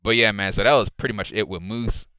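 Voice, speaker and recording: Fan-reviewer guy, loose rambling recap, bright forceful tone, close and dry. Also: on the low side, quick pace, clean tone, no echo. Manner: rambling, heavy on "and so, yeah, man" fillers. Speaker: wrestling show reviewer. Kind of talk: casual recap commentary.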